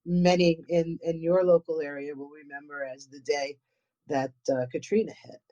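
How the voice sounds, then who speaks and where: Deep and warm, this woman's voice moves little in pitch and keeps a moderate pace. The New England guest paranormal investigator rambles through casual conversation, often repeating herself and restarting, heard through dull lo-fi recording.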